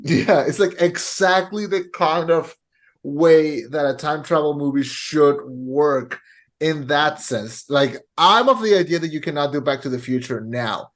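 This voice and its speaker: Excitable man co-hosting a movie podcast. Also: a little high. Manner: animated, retells scenes with quick bursts and laughs. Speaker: podcast co-host. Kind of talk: casual movie review chat.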